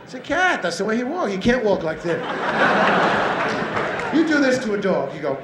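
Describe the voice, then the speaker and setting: A man's voice: sits high, sing-song, normal speed. A male stand-up comedian performing for a live theater audience, acting out pets and owners with sudden squeals. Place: large theater stage. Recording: roomy live theater recording, audience noise.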